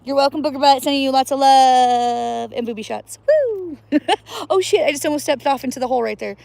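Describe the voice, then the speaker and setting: A livestream host from the US Northwest chats casually outdoors beside cold water, playful, laughing often and whooping now and then. Her voice sits high with vocal fry and a darkish tone, and she talks briskly. There is no echo.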